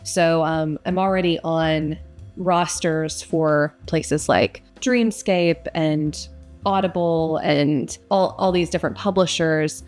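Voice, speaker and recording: A woman's voice: sits low, fairly even intonation, slow pace, darkish tone, faint music behind. A young woman who narrates audiobooks, answering interview questions in a casual, reflective way with frequent fillers.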